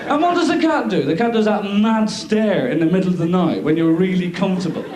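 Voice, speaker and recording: A man's voice: high voice, animated, a little fast, darkish tone, slight background noise. An Irish man in his thirties doing a live stand-up routine on a theatre stage, rambling and self-mocking. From Ireland. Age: 30s. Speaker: stand-up comedian. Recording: live theatre, audience laughter.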